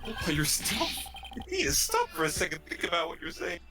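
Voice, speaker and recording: A man's voice: high voice, huge pitch swings, a little fast, music in the background. A man chatting as co-player, dropping dry joking asides. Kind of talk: casual game chat.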